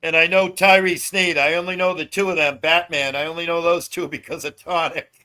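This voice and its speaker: A man with a fairly high, steady, sharp-toned voice hosts a casual livestream at a brisk pace. He rants with plenty of swearing and laughs often.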